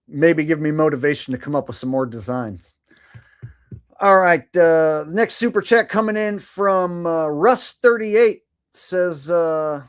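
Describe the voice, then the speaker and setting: A man hosts a live stream, chatting casually and sarcastically, swearing freely and laughing at his own jokes. His voice is a little high, captured in clean studio sound with no room sound.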